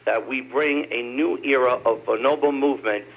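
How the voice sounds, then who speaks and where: An earnest man calls in from New Jersey, his voice gravelly and fry-laden. He speaks in formal, heartfelt well-wishes, and the phone line sounds muffled and lo-fi. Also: mid-range voice, normal speed. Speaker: caller. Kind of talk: phone-in call to a radio show.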